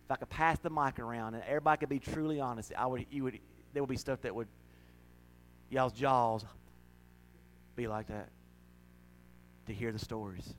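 A man's voice: medium pitch, fairly even intonation, moderate pace, long pauses, poor audio. Middle-aged man preaching, folksy and emotional with bursts of laughter, faint hum under the voice. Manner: folksy, emotional, with laughs and sudden loud rises. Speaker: pastor. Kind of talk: sermon.

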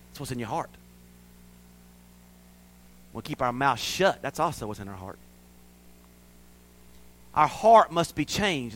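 Bright-voiced man preaching. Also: on the high side. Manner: impassioned, swings between loud declarations and hushed, quiet stretches; folksy and plainspoken. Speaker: pastor. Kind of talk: sermon.

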